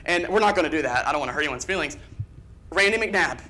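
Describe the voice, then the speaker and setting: A man preaching a sermon in a church, speaking earnestly, with quick emphatic bursts and repeated phrases. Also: fairly high pitch, animated, sharp tone. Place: church sanctuary.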